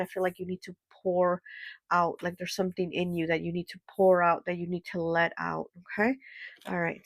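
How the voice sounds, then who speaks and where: A woman gives a pick-a-card tarot reading, sounding nasal and congested from a cold. She is gentle and reassuring, using lots of fillers and check-ins, in a lowish voice with vocal fry.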